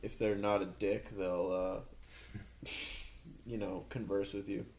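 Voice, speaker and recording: A young man guesting on a casual podcast, speaking in a steady, even tone with dry humor into a handheld mic. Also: lowish voice, slow pace. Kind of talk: casual chat.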